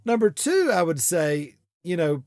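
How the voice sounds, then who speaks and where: A man's voice: on the high side, sing-song, unhurried, darkish tone, no echo. Middle-aged guy hosting a podcast, rambly and friendly, dead dry mic. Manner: chatty, lots of fillers and restarts. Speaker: podcast host. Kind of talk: casual podcast talk.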